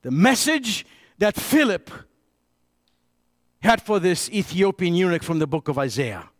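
A man preaching a sermon as a pastor, swinging between raised, emphatic preaching and hushed, intimate storytelling, often repeating and restarting words as he tells a story. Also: sits high, very animated, a little slow, no room sound. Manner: repeats and restarts words when telling stories.

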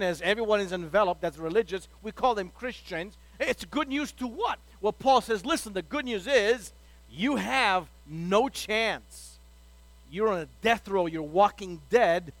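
High-voiced man preaching conversationally. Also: a bit bright, dry recording. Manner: conversational preaching, acting out everyday quotes. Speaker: pastor. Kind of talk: sermon.

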